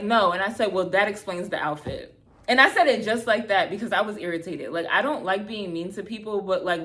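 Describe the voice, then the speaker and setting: A woman in her thirties telling a bad-date story to camera, animated and exasperated, acting out both sides of the conversation, with lots of "like" and casual swearing. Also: mid-range voice. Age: 30s. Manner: heavy filler "like", casual swearing. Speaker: vlogger. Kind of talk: storytime vlog, casual retelling.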